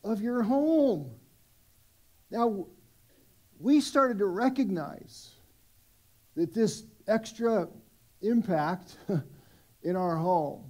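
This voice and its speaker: A man's voice: high-pitched, a little mellow. A middle-aged man preaching a sermon at a church service, conversational and self-deprecating, with many restarts. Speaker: pastor.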